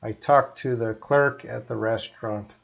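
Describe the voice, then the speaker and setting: Slow, deliberate Canadian man teaching. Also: mid-range voice, steady tone, gravelly, dull audio. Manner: slow, deliberate explaining with frequent "uh" pauses. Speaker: English teacher. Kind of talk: live-streamed English lesson.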